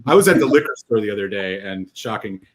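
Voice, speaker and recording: A man talking in a relaxed, easygoing way as a guest on a casual chat, laughing often and using lots of fillers. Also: fairly low pitch, fast. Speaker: guest whisky reviewer.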